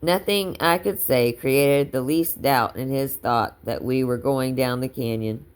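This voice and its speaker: A woman reading a book aloud in an unhurried way, now and then stumbling and correcting herself. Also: a bass voice, smooth. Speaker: audiobook reader.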